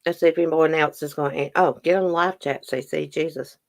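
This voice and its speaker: A chatty livestream host reads trivia questions aloud and answers viewers' guesses, mouth now and then full of food. The voice sits at a middling pitch. The sound is dry and close, with no room around it. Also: fairly even intonation, a little fast, vocal fry, no room sound. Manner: talks while chewing a brownie. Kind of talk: casual livestream trivia chat.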